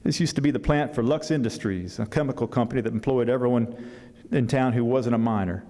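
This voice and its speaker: A man's voice: medium pitch, quick pace, warm tone, natural voice. A man reading as a wry old country vet grandfather. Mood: explaining. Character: old grandfather, country large animal vet, dry humor. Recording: long hall reverb.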